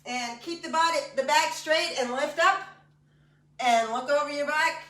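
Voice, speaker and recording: Her high, bright voice moves a little slowly and carries a forceful tone. Recorded at a distance and off-mic in an echoey room, she's a fitness instructor coaching a class through exercises with chatty encouragement and joking asides.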